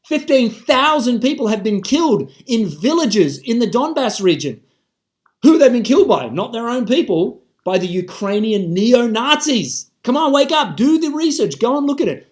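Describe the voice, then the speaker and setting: A man's voice: high voice, very animated, moderate pace. An Australian man in an impassioned monologue to camera, emphatic and swearing casually.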